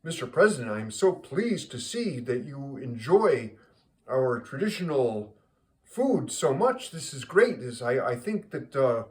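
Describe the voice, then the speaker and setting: A man's voice: medium pitch, big pitch swings, measured pace, darkish tone. A man voicing a gracious male prime minister who speaks formally and politely. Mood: delighted.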